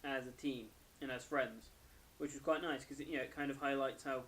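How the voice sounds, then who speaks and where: A young man talks through an anime episode in a loose, rambling way, often correcting himself mid-sentence. He sounds tired and keeps yawning. His voice sits at a plain middle pitch. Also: fairly even intonation, brisk, fairly bright tone, a little hiss or hum. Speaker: anime reviewer. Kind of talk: casual episode review.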